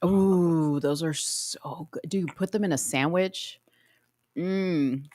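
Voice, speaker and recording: Woman, co-host, casual reaction chat, opinionated, slangy, low voice, dry sound. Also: takes it slowly, a little mellow, no room sound.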